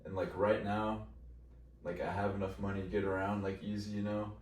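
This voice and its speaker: A man with a very deep voice chats as a podcast guest, laid-back and drawling, tossing in casual slang. His voice sounds roomy and comes from some distance off the mic. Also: level tone, brisk, a little mellow, slight background noise. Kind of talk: casual chat.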